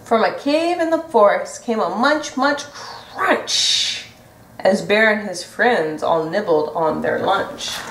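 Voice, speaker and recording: A woman reads a picture book to children, gentle and sing-song, slow and fairly high. She sounds far from the mic in an echoey room. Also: expressive, slight background noise. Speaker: storybook reader. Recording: roomy echo from a distant mic.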